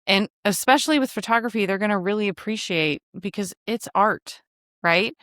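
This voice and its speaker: A woman's voice: medium pitch, normal speed, a bit bright, no echo, clean studio sound. A woman hosting a casual teaching podcast for travel advisors, talking in a chatty, frank way with joking asides. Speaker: podcast host, travel agency coach.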